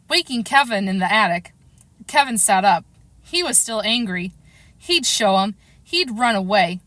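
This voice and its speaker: Bright-voiced woman reading a story aloud. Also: on the high side, no echo. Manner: expressive read-aloud, acting out the characters' lines. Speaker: storybook reader. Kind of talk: scripted storybook narration.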